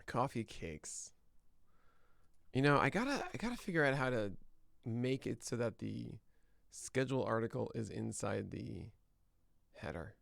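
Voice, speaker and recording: Man, podcast host, casual livestream chatter, mumbling asides, gravelly fry, dry close sound. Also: medium pitch, lively intonation, a bit bright, no room sound. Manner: thinking aloud, mumbling asides, quick laughs. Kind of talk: casual livestream chat before a show.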